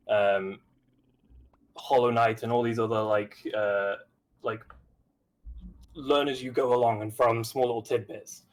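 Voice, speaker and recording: A young British man in his twenties, a game design student, making an earnest, rambling pitch full of fillers. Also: rough recording. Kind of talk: mock investor pitch on a stream.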